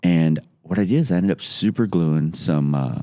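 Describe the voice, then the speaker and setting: A middle-aged man, a podcast guest, telling a casual anecdote in a rambling way full of "like", acting out quotes in lively voices. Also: sits low, moderate pace, no room sound.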